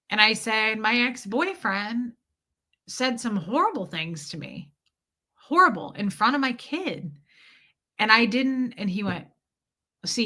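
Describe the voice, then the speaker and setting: A woman's voice: medium pitch, bright, forceful tone. A woman vlogger casually retelling a personal conversation to her viewers, candid and rambling.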